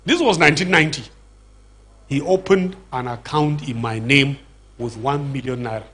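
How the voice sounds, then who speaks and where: A man's voice: medium pitch, normal speed, a bit bright, breathy edge. A middle-aged Nigerian man with a Nigerian accent gives an earnest church lecture, asking rhetorical questions and repeating words as he searches for a phrase. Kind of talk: public lecture to a church audience.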